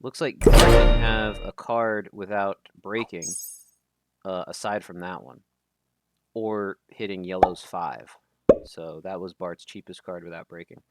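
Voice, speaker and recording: Loud music and background noise sit behind this man's low, fairly even, unhurried voice. He casts a live game tournament stream chattily and casually, stumbling over names fairly often.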